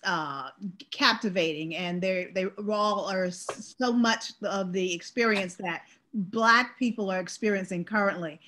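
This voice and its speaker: A woman at a book club making an earnest, measured appeal to the group. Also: medium pitch, fairly bright tone.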